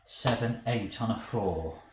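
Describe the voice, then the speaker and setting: A man's voice: lowish voice, unhurried. Flustered man thinking aloud on stream. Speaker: streamer playing a card game. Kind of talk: live game stream commentary. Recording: dull roomy stream audio with faint hiss.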